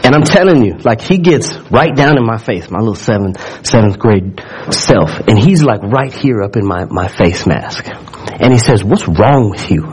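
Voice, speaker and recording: A man's voice: lowish voice, expressive, moderate pace, a little mellow, a little hiss or hum, poor audio. A man preaching a sermon, telling a story with asides and questions to the congregation, often repeating words as he builds up. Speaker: pastor.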